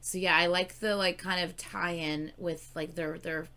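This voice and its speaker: Tired, excitable woman reacting to music. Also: on the low side, a little slow. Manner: excitable, exclaims and swears. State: tired and yawning late at night. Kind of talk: casual reaction commentary.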